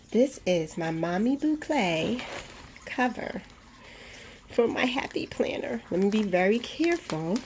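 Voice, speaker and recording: Slow-talking woman gushing over a package. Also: medium pitch, a little mellow, slight background noise, rough recording. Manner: gushing, breathy exclamations, slow and drawn out. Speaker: vlogger. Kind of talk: casual unboxing vlog. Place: her room at home.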